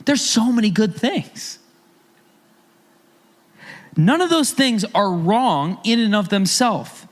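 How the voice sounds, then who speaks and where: Guy preaching a sermon, pitch bouncing all over, chatty, keeps asking the crowd questions. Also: slow pace, long pauses. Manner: conversational, animated preaching with rhetorical questions. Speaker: pastor.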